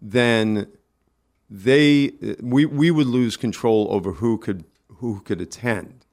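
A man with a New York accent, a guest on a casual radio interview, talking in halting bursts with many restarts. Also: mid-range voice, darkish tone. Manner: halting, restarts often, friendly. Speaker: community organizer guest.

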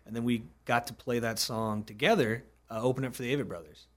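Fast-talking man telling stories. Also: medium pitch. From South Carolina. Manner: animated, acts out quoted dialogue. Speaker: guest musician. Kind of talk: casual interview storytelling.

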